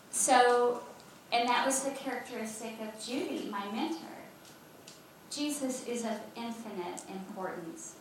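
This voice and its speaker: An older woman with a Texas accent preaches in a lively, chatty way, a touch high in pitch. Her voice comes from some distance off and rings through a big echoey hall. A faint hiss sits underneath. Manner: lively, conversational preaching with laughs and asides. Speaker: former campus chaplain. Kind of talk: sermon.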